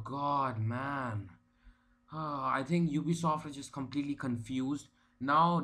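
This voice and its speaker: Male gaming vlogger, mid-pitched voice, ranting, profane, stumbling over his words. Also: pushed and bright. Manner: profane, exasperated rant with many restarts. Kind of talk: casual ranting vlog.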